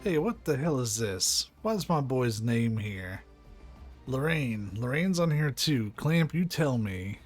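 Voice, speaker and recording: A hot-headed game cop, read by a man, who shouts his demands a little higher and louder than the narrator's usual voice. Faint music plays behind him. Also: big pitch swings, takes it slowly. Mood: angry. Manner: angry, loud outbursts. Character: hot-tempered male police officer.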